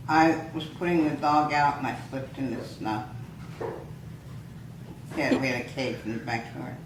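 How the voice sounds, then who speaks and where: A woman's voice: a bass voice, measured pace. An older woman, a grandmother, chatting with family in a matter-of-fact way and giving practical advice. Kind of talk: casual family chat. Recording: echoey room with background noise.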